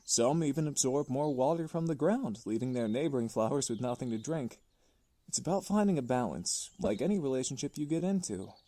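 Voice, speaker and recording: A man voicing a soft-spoken gardener. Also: mid-range voice, expressive, lightly acted. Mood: musing. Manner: soft-spoken, unhurried, musing. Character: gentle, thoughtful young man tending a garden. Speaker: visual novel character.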